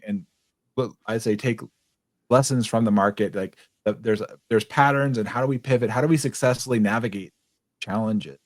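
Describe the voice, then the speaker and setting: A male podcast host talks through a business interview in a loose, encouraging way, often doubling back mid-sentence. His voice sits at a middle pitch and sounds close and dry, with no room around it. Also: a little mellow, no echo. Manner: affirming, rambling with restarts. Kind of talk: casual interview chat.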